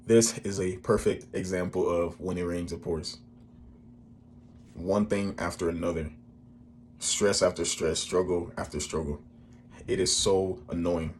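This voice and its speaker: A man's voice: low-pitched, steady tone, measured pace, long pauses, darkish tone, slight background noise. A man giving earnest, emphatic commentary.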